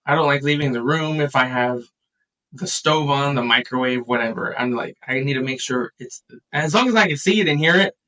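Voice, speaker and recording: A man in a casual podcast chat, telling a family story with lively acted-out quotes. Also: mid-range voice, fairly quick, distant mic, low-quality recording. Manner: animated storyteller, acts out quotes.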